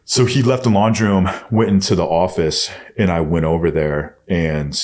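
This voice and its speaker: A low-pitched man appearing as a podcast guest tells a personal story at a moderate pace, bluntly and with frequent swearing. When he quotes himself, his voice drops soft and hushed.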